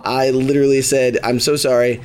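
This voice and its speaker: A man's voice: medium pitch, fairly quick, a little hiss or hum. A young man, a podcast co-host, telling a story in casual chat and acting out the people in it. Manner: animated storyteller, acts out quoted voices.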